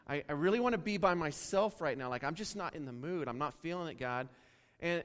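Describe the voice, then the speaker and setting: A man from Wyoming preaching a sermon, telling a story and acting out the dialogue in an animated way. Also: medium pitch, clean tone. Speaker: pastor. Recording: long reverb of a large hall.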